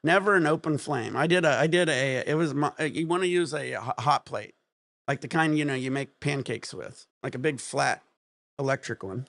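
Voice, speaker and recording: A man's voice: medium pitch, moderate pace, gravelly, fairly bright tone, no echo, studio quality. A man, hosting a casual livestream, rambling and laughing often. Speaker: livestream host.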